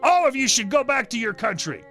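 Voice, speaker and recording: A man voicing an entitled middle-aged woman in a restaurant, with a high, indignant, whiny delivery. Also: expressive, a little fast, fairly bright tone, faint music behind. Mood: contemptuous.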